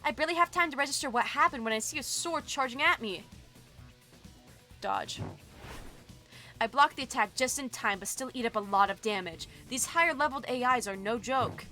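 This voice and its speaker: A bubbly young woman streams a story game, reading the text aloud and gushing between lines. Her voice is bright and fairly high, with soft game music behind her. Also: fast talker, few pauses. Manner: bubbly, excitable, gushing asides. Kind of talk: reading a visual novel aloud with commentary.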